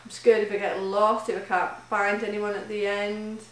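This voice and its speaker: A charity runner keeps a casual video diary, her mid-range voice level and a bit bright as she talks at normal speed. She's chatty and emotional, rambling with plenty of fillers. The mic sits at a distance in a very echoey room.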